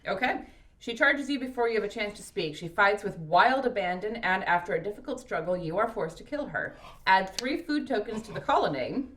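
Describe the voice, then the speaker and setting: A woman playing a board game with friends, reading the card text aloud in an even, steady way. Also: mid-range voice, brisk, low-quality recording. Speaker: player reading the game cards.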